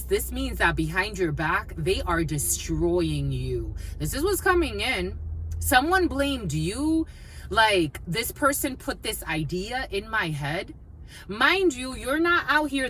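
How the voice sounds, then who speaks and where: A woman giving a casual collective tarot reading, mixing personal stories with blunt, animated talk and plenty of swearing. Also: medium pitch, slight background noise. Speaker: tarot reader.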